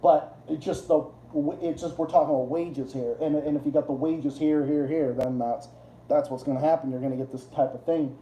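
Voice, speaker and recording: A man hosting a live game stream, ranting in a loose, profane ramble full of restarts and repeats. His voice is dark and mellow, but it leaps sharply upward when he gets heated. The sound is roomy and echoey. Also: fairly quick, slight background noise. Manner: excitable, jumps high in pitch when worked up. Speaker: livestream host. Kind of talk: casual ranting chat.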